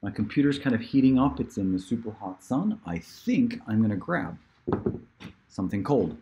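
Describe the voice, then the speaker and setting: A man giving a casual online pronunciation lesson, playful and joking, drilling words slowly for the listener to repeat. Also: on the low side, sing-song, mellow, lo-fi sound. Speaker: pronunciation teacher. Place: outdoors in hot sun.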